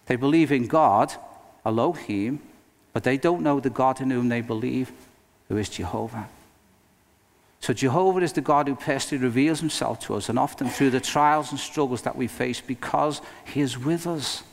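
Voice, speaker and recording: A male pastor preaching a sermon in an earnest, emphatic way, with dramatic pauses. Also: mid-range voice, gravelly. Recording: long reverb of a hall.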